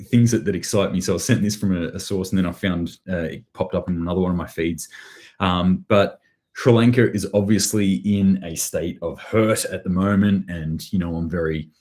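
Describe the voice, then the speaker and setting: A deep-voiced Australian man talking through the news on a live stream. He wanders from point to point with loose asides and slips into dry sarcasm. His tone stays casual and conversational. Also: darkish tone. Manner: sardonic, rambling, with dry sarcasm. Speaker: prepping channel host.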